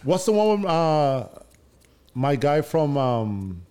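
A man's voice: a little high, sing-song, takes it slowly, mellow, clear, resonant tone. A man hosting a podcast in playful, joking casual chat with friends. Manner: playful, hypes up the intro. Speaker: podcast host.

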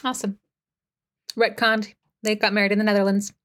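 A woman's voice: mid-range voice, level tone, a little fast, fairly bright tone. Casting: woman game master, chatty and giggly, loose narration full of ums.

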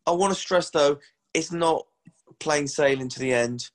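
A man's voice: fairly high pitch, unhurried. A man co-hosting a sports podcast, talking bluntly and earnestly. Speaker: podcast co-host. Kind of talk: casual sports podcast chat.

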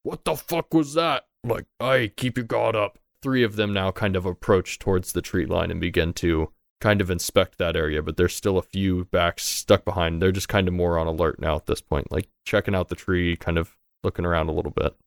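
A man's voice: low-pitched, fairly even intonation, fairly quick, creaky, few pauses, smooth, dry recording, clean studio sound. A man narrating a tabletop game as game master, in a loose, conversational way and casually swearing.

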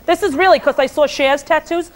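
A woman rambling with giddy nerves, talking quickly and excitedly. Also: high-pitched. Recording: loud crowd and noise behind.

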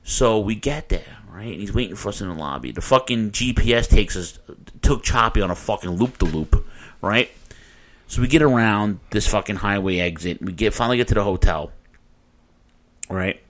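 A man with a somewhat low voice tells a rambling story in casual chat, swearing freely and getting animated. The talk is relaxed and conversational, like a co-host holding the floor. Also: normal speed. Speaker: podcast co-host telling a story.

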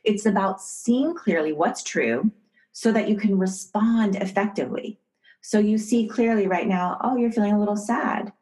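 A middle-aged woman from the United States, an author and professor, explaining ideas calmly as a podcast guest. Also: medium pitch, low-quality recording. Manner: calm, measured teaching. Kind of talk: podcast interview, storytelling.

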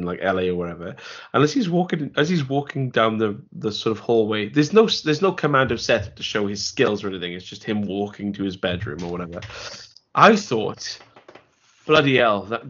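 Rambling man, low voice. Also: fairly bright tone. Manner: rambling, restarts, dry jokes. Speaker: podcast co-host. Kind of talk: casual film review chat. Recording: dull lo-fi audio.

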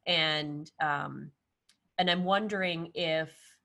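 A woman's voice: low-pitched, steady tone, slow pace, gravelly, bright, forceful tone. A woman hosting a podcast, listening attentively and asking thoughtful questions. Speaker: podcast host. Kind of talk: interview conversation.

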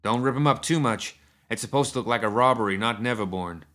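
A hardened frontier sharpshooter woman with a mechanical eye, read aloud by a man narrating a story. She talks curtly and coolly, in a low voice. Her lines are spare and clipped. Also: fairly even intonation, a little fast, fairly bright tone, close to an everyday voice. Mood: urgent. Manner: curt, cool and clipped.

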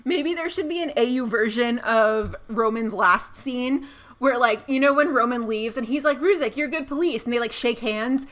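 A woman co-hosting a casual podcast chat, recapping a TV episode with animated storytelling. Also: on the high side, moderate pace. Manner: animated storytelling, laughs while acting out scenes. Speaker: podcast co-host.

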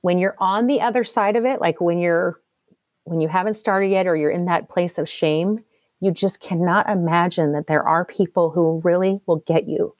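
A woman's voice: lowish voice, moderate pace, darkish tone, no room sound. A woman speaking earnestly and with emotion in a heartfelt conversation.

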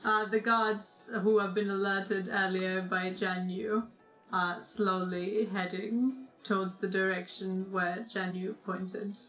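A woman narrating as game master of a tabletop role-playing game, calm and unhurried, with frequent ums. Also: mid-range voice, echoey room, soft background music, poor audio.

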